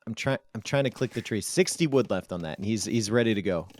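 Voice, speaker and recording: A man's voice: on the low side, animated, fast. A man commentating on a strategy game match live, with playful, joking banter.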